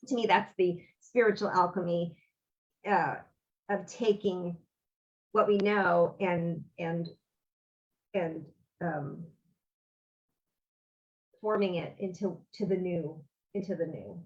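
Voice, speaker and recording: A woman's voice: on the low side, steady tone, takes it slowly, long pauses, dull audio. A woman, a guest on an interview, telling a personal story in an earnest, rambling way and acting out the dialogue. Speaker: interview guest, author and bereaved mother.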